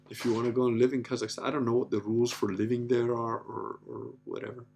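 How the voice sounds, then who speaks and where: Gravelly man rambling on a livestream. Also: mid-range voice, a little mellow. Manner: rambling, profane, full of "you know" and "like". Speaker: show host reading viewer comments. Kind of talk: casual livestream chat.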